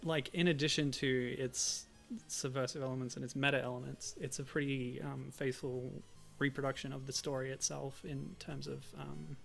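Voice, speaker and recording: A man's voice: medium pitch, little pitch movement, moderate pace, gravelly, few pauses, a bit bright, faint music behind. A man streaming a game, chatting casually in a rambling, self-deprecating way. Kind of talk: casual let's-play chat.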